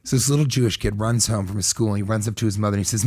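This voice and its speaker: A man's voice: on the low side, rapid-fire, slightly rough. Profane man telling jokes casually. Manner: profane, animated joke-telling. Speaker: guest comedian. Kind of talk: casual podcast storytelling.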